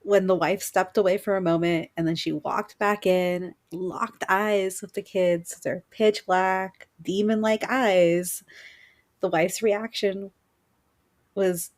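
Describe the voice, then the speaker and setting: A woman co-hosting a podcast, telling a spooky story in lively casual chat. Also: mid-range voice, slow pace. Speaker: podcast co-host.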